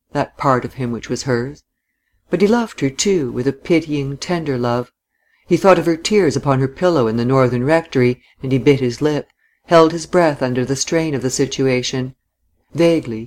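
Man, audiobook narrator, measured literary reading, middle pitch, even delivery. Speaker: audiobook reader. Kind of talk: scripted narration.

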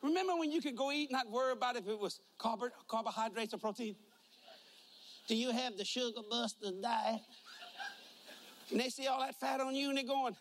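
A man with a high voice preaches with folksy humor, telling jokes and stories before driving home his points. His delivery is emphatic and conversational. Faint ambient noise sits behind him. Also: fairly quick, long pauses. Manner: joking, folksy storytelling, emphatic. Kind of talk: humorous sermon.

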